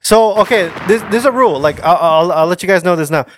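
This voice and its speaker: A man co-hosting a podcast, setting the rules of a joke game in a relaxed, repetitive way. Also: high-pitched, quick pace, slight background noise. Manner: relaxed, repeats himself, laughs easily. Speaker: podcast co-host. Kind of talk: casual chat, running a joke game.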